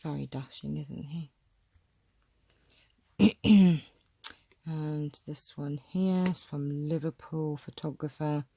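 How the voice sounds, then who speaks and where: Woman, low and mellow, easygoing show-and-tell chatter, keeps clearing her throat. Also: steady tone, slow, pauses often, dry recording. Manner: chatty, musing aloud, frequent throat clearing. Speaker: vlogger showing a photo collection. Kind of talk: casual show-and-tell commentary.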